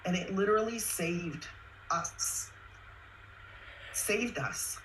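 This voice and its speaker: An earnest woman tells her own story in a chatty, heartfelt way. Her voice sits at an ordinary middle pitch, and she sometimes comes close to tears. A faint hiss of background noise sits behind her. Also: takes it slowly, rough recording. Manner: earnest, tearful at times, excited, chatty. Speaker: guest sharing her story. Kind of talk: emotional personal testimony.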